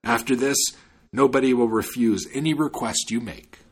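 A magical dwarf who grants wishes in a slow, solemn voice, as a male storyteller puts him on. The tone is slightly husky. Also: medium pitch, lightly acted.

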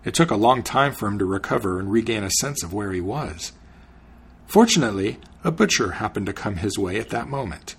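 Gravelly, husky male storyteller. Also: fairly low pitch, a little fast. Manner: expressive, animated storytelling. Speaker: podcast host and reader. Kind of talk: storybook reading.

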